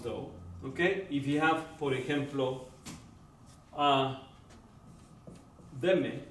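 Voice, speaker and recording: Speaking at a medium pitch, this man lectures a class on Spanish grammar at a slow, deliberate pace. He repeats words and keeps asking "right?" and "okay?" to check on his listeners. The recording picks him up from a distance in an echoey room, with a faint hum of background noise.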